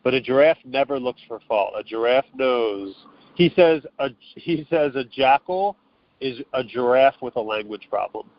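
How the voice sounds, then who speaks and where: A man's voice: medium pitch, lively intonation, normal speed. A man as an interview guest, explaining earnestly and loosely over the phone, with restarts and acted-out quotes. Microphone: telephone. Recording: dull, dry phone line.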